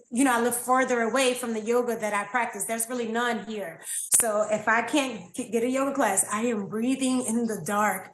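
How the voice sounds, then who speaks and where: A woman speaks as a podcast guest with a bright, higher pitch. She tells stories in an emotional, lively way and laughs easily. Her voice bounces around an echoey room. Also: slight background noise. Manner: animated, emotional storyteller who laughs often. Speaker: yoga teacher and podcast guest. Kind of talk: casual interview conversation.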